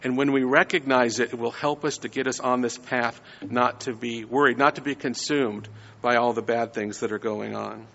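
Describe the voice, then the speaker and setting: A man's voice: mid-range voice, fairly even intonation, moderate pace, creaky, fairly bright tone, long reverb tail, muffled recording. A man giving a conversational sermon, often checking in with his listeners. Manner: conversational, frequent "right?" tags. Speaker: preacher.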